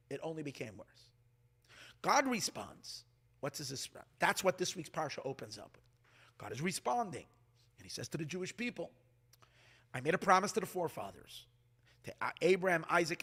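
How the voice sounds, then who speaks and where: A man giving a sermon as a rabbi, animated and prone to restarts, who acts out quoted dialogue. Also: high voice.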